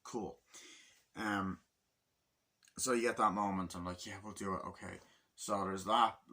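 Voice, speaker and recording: Male film reviewer, casual and profane, slightly low voice with bright edge, keeps acting out scenes. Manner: rambling, swears a lot, acts out movie lines. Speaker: movie reviewer.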